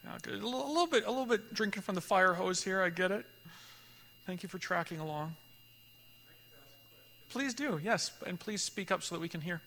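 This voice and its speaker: A man leading a church group, telling a story in a lively conversational way and acting out the voices of people in it. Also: high voice, fairly quick, gravelly, long pauses, long reverb tail, slight background noise. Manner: animated storyteller, acts out dialogue, laughs often. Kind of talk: conversational teaching talk with storytelling.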